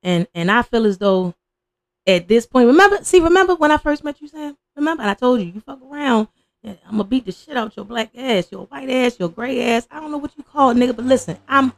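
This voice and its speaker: A woman playing an angry father who is cursing and threatening his daughter's boyfriend on a video call. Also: on the high side. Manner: threatening, profane.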